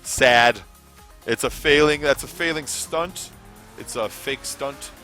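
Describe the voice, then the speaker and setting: A man putting on an impression of a boastful older male politician, speaking in slow, emphatic, clipped bragging phrases. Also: medium pitch, bright, forceful tone, faint music behind.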